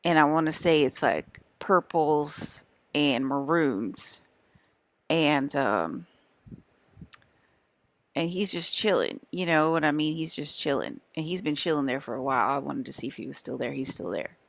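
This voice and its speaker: Low-voiced woman rambling exasperatedly to camera. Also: animated, unhurried, no echo. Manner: exasperated, scolding, repeats herself with many fillers. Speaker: vlogger.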